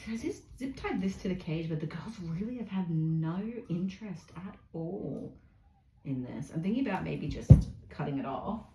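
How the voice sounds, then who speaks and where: Filmed on a phone propped on a cage shelf, an Australian woman cleans out a large pet cage indoors, her fairly low, creaky voice expressive and at normal speed. She's a pet vlogger who chats and rambles, switching to sing-song baby talk with the animals. Faint noise and echo fill the room.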